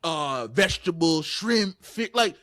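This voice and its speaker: A man, co-hosting a podcast, telling a story with swearing and rising to yelling. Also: a little high, lively intonation, takes it slowly, dry recording, clean studio sound. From New York area. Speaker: podcast co-host. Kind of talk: casual podcast chat.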